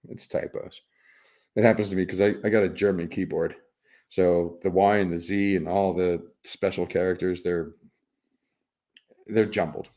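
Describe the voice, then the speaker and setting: A man's voice: deep voice, little pitch movement, normal speed, pauses often, darkish tone. A middle-aged man hosting a casual livestream, rambling and teasing his chat with frequent chuckles and repeated words. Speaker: livestream host reading chat.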